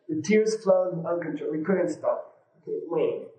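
A man's voice: fairly high pitch, normal speed, dark tone. A man teaching a class in a casual, rambling way, with many fillers, telling anecdotes and laughing easily. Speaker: yoga and meditation teacher. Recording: roomy echo.

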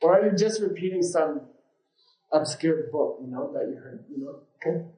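A man's voice: fairly high pitch, lively intonation, moderate pace, dark tone. A man teaching a class in a casual, rambling way, with many fillers, telling anecdotes and laughing easily. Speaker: yoga and meditation teacher. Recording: roomy echo.

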